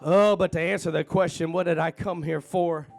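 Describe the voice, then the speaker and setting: A man preaching a sermon in a church, trading folksy, chatty asides to the congregation for fervent, shouted refrains. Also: on the high side, fairly even intonation, normal speed, creaky, faint music behind.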